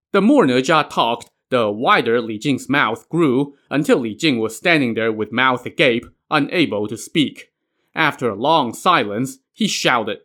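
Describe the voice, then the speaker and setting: A man's voice: medium pitch, lively intonation, measured pace, fairly bright tone. A man narrating a myth as a casual storyteller, with wry, conversational asides. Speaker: podcast narrator.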